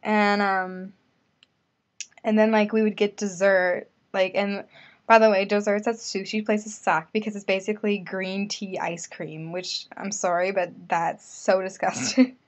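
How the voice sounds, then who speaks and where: A woman's voice: mid-range voice, little pitch movement, a little slow. A young woman telling a casual vlog story, chatty and full of "like" fillers. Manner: chatty, filler-heavy with lots of "like". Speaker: vlogger.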